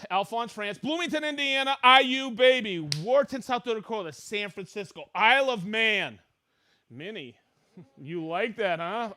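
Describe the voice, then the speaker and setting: A middle-aged man hosting a live stream, excitedly reading out where viewers are watching from. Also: sits high. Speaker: livestream host.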